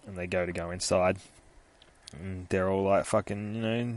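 Speaking at a moderate pace in a low voice, this man animatedly recounts a funny story, doing character voices and cursing nonstop in loose, casual language.

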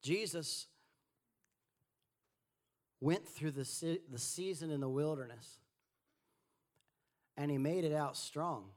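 A man preaching a sermon, swinging between quiet asides and animated, rising delivery. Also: slow pace, long pauses. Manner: animated preaching, rising and falling in pitch and volume. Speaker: pastor.

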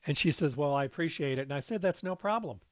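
A man's voice: on the high side, lively intonation, fast talker, no echo. Emphatic middle-aged man, dry dull audio. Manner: emphatic, conversational, acts out quoted dialogue. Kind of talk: casual storytelling monologue. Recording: dull, slightly lo-fi dry recording.

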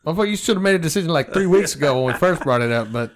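A middle-aged man co-hosting a podcast, telling stories in casual chat, heavy on profanity and animated. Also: fairly high pitch, very fast. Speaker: podcast co-host.

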